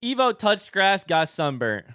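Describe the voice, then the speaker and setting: A man in his thirties chatting casually with his live-stream audience in an animated way. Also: high voice, measured pace, clear, resonant tone, no echo, studio quality. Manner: chatty and animated, baby-talks his dogs.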